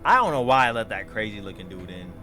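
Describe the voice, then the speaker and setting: A young man giving excitable let's play commentary, swinging between yelling and mumbling. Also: fairly low pitch, fast talker, over music. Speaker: gaming YouTuber.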